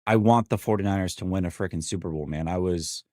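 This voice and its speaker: A man in his forties hosts a live sports stream, venting with real frustration as he reads and answers chat. His voice sits fairly low. The sound is close and dry, with no room around it. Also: fast, darkish tone, dry recording. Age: 40s. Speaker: sports show host.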